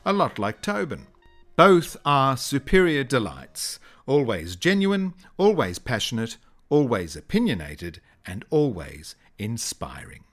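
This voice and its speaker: A man's voice: mid-range voice, wildly swooping pitch, a little slow, fairly bright tone, faint music behind. A man reading a scripted, upbeat introduction as narrator.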